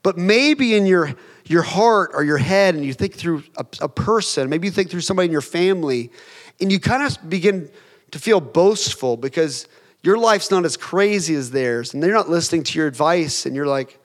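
A man's voice: fairly high pitch, expressive, moderate pace. A man preaching a sermon as a pastor in a conversational way, acting out little quoted voices to make his points.

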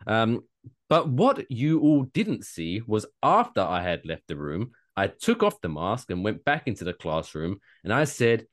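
A man co-hosts a casual comedy podcast, talking with a lively, swooping pitch that rises and falls a lot. He swears freely and rants in mock outrage, playing up his bits. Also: slow pace. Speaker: podcast co-host.

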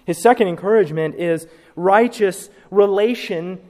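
A man preaching a sermon, dramatic, acting out the people he quotes and swinging from loud cries to hushed words. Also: high voice, moderate pace, big-room sound. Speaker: pastor.

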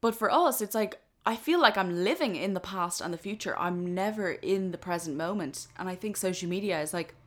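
A woman's voice: lowish voice, lively intonation, brisk, hardly any pauses. A woman of twenty, talking through a casual solo podcast episode in an earnest, chatty way full of "like". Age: 20s. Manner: chatty, earnest, many "like" fillers. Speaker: podcast host.

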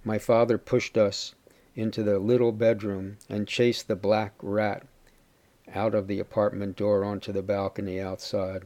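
Man reading a story in a low voice. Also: flat delivery, measured pace, mellow. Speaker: reader. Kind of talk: first-person story reading.

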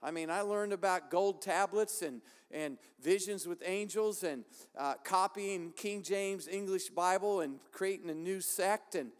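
A man's voice: sits high, measured pace, few pauses. A male pastor preaching a sermon with an impassioned, repetitive cadence. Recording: long hall reverb.

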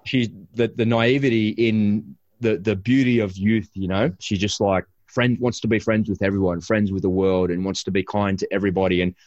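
A man hosting a podcast, telling a story about his family in a casual, animated way with many restarts. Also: on the low side, moderate pace, dry recording, muffled recording. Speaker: podcast host and father.

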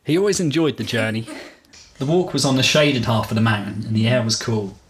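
A man reads his own story aloud in a steady, measured way, stopping now and then to joke with co-hosts. His voice is mid-pitched and carries a roomy echo, with faint noise underneath. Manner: steady storybook reading, joking between passages. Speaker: podcast host reading his story aloud. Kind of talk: reading a story with banter.

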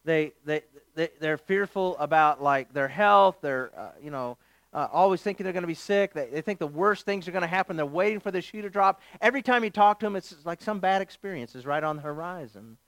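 A male pastor preaches with an animated, joking storytelling style. His voice sits high for a man and rings smooth and resonant. The sound is dry and close, with no room echo. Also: a little fast. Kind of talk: sermon with humorous storytelling.

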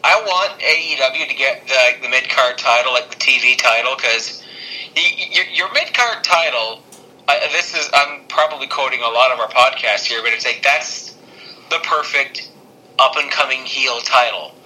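A man's voice: mid-range voice, moderate pace, sharp tone, poor audio. A man co-hosting a podcast, rambling casually with many restarts and fillers. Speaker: podcast co-host.

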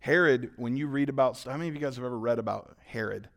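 A male pastor preaching a sermon, animated, acting out voices and swinging between loud and quiet. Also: medium pitch, quick pace, vocal fry.

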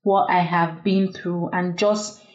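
A woman's voice: lowish voice, steady tone, takes it slowly, darkish tone. A young woman, a doctor, telling a personal story in an earnest, reflective way, with many fillers. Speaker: guest. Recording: echoey room, dull lo-fi sound.

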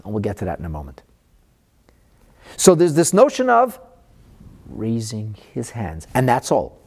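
A man giving a Torah lesson, animated, slowing down to stress the Hebrew verses he quotes. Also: medium pitch, creaky, husky. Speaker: Torah teacher.

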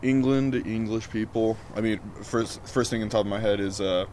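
A man's voice: on the low side, steady tone, normal speed, darkish tone, slight background noise. A man from the United States, a passer-by on the street, musing in an easygoing, thoughtful way with some swearing. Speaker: passer-by interviewee. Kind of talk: casual street interview. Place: outdoors on a street.

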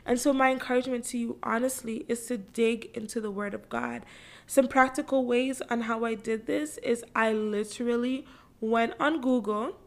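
Woman from the Caribbean, podcast host, faith encouragement talk, a bit high, fervent and chatty, repeats lines for weight. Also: fairly even intonation, normal speed, gravelly. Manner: fervent, conversational, repeats phrases for emphasis.

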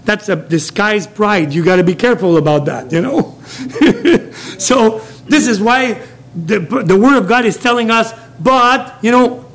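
A middle-aged man with a Quebec French accent gives an informal sermon in a small café. His voice sits fairly high for a man. He wanders through his points with restarts and frequent chuckles. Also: animated, a little slow, fairly bright tone. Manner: chuckles often, rambling with restarts. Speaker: lay preacher.

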